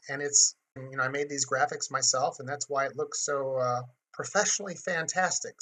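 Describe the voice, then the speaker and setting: Bright, husky-voiced man hosting a webinar. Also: fairly high pitch. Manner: chatty, acts out dialogue. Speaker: webinar host. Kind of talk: marketing webinar.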